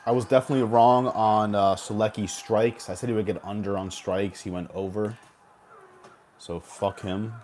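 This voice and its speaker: A man's voice: on the low side, steady tone, moderate pace, darkish tone, a little hiss or hum. A young man with a sore throat hosting a casual gaming livestream, rambling and cursing as he chats. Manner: rambling, profane, jokey. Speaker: livestream host. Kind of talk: casual streaming chat.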